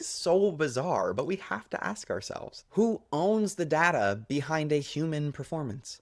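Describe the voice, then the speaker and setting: Animated man giving lively commentary. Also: medium pitch, dry recording, studio quality. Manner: animated, expressive, playful asides. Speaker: actor and video commentator. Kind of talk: casual commentary to camera.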